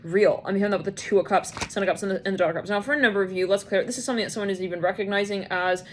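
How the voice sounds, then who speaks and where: A woman's voice: mid-range voice, steady tone, racing, slight background noise. A woman giving a casual tarot reading, rambling and acting out imagined scenes in quoted voices. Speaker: tarot reader.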